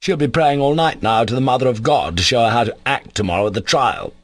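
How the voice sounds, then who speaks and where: A man voicing a bitter, sardonic young man in an audiobook, sharp and contemptuous in tone. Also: mid-range voice, animated, a little fast, dry recording, pitched above the performer's own voice, natural voice. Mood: irritable. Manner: sharp, contemptuous, scornful delivery. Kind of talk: audiobook character voice.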